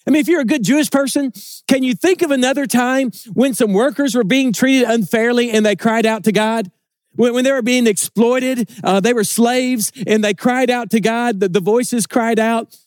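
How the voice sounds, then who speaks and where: High-voiced man preaching a sermon. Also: moderate pace, dry recording, clean studio sound. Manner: earnest, repeats words when building emphasis.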